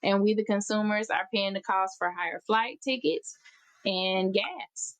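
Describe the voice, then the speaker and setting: A woman's voice: medium pitch, fairly even intonation, unhurried, no room sound. A woman hosting a podcast, giving heated, profane workplace advice in a blunt, emphatic way. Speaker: podcast host. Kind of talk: casual advice podcast monologue.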